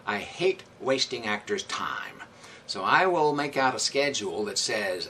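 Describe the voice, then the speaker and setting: Lowish bright voiced guy, theatre director talking in an interview, lots of uhs and you knows. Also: animated, measured pace, far from the mic, slight background noise. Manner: thoughtful, with frequent fillers and restarts. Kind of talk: interview answers.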